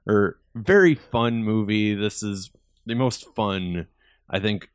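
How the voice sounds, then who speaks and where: A young man co-hosting a movie podcast, relaxed and a bit hesitant, with frequent fillers. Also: on the low side, slow, no echo, studio quality. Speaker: podcast co-host. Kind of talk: casual chat.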